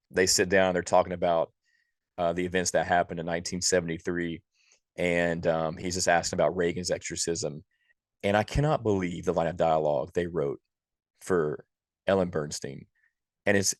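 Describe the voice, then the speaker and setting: A man's voice: deep voice, no room sound, clean studio sound. A man co-hosting a podcast, giving an exasperated, profane movie review in casual chat. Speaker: podcast co-host.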